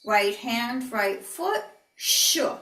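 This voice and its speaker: A woman teaching tai chi in an online class, calmly cueing each step and breathing out whispered healing sounds. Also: a little high, slow, far from the mic. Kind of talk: online movement class instruction. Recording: echoey room, voice heard from off the mic.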